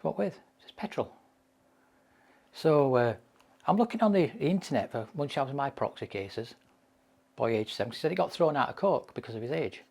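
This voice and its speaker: A man leads a mental health training session and talks through case stories. His voice is gravelly and husky, and he leans on repeated phrases for emphasis. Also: mid-range voice, lively intonation, a little fast, a little mellow. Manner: anecdotal, emphatic repetition.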